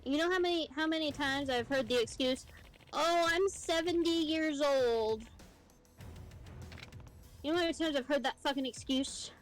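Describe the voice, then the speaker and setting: A woman's voice: high voice, fast, few pauses, soft background music, low-quality recording. A young woman in casual chat, ranting and swearing as she tells stories about her job. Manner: profane ranting storyteller, swears often. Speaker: streamer co-host.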